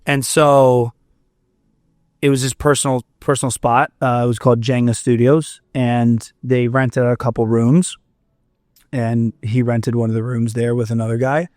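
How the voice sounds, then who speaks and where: A man's voice: medium pitch, level tone, normal speed, darkish tone, no room sound, clean studio sound. A young man from Florida, a musician guest on a podcast, telling a long rambling story with restarts and quoted dialogue. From Fort Myers, Florida. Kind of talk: storytelling in a casual podcast interview.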